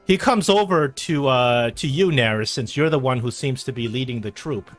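A man's voice: medium pitch, moderate pace, faint music behind. A man narrating as game master at a tabletop game, chatty and rambling, with lots of fillers.

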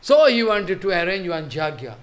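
Very animated and high-pitched, a male religious teacher who speaks Bengali natively tells a scripture story in his sermon over slight background noise. He halts, repeats phrases, and checks that listeners are following.

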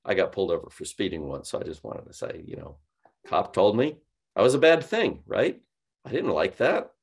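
A man teaching cold calling in a webinar, telling stories with lively quoted dialogue. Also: low voice, normal speed, husky. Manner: animated storytelling, mimics voices in quoted dialogue. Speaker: sales trainer.

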